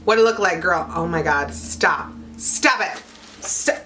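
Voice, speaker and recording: A young woman chatting excitedly as she unboxes beauty products for her channel, gushing and exclaiming with lots of fillers. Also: on the low side, a little slow, slight background noise. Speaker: beauty vlogger.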